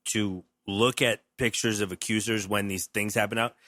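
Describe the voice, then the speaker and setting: A man joining a comedy podcast, chatting in an animated, amused way. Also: lowish voice, moderate pace, no room sound, clean studio sound. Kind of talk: casual comedic chat.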